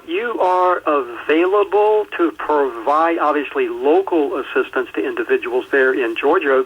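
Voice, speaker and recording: A man hosting a radio interview, asking questions in a measured way and slowly spelling out details for listeners. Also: medium pitch, slightly rough. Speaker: radio show host. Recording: muffled radio show audio.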